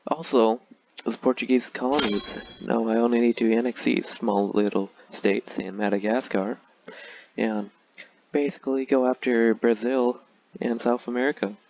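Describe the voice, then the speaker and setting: A man's voice: medium pitch, fairly even intonation, normal speed, darkish tone, muffled recording. A man talking casually and sarcastically through a strategy game, with frequent filler words. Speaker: gaming video creator.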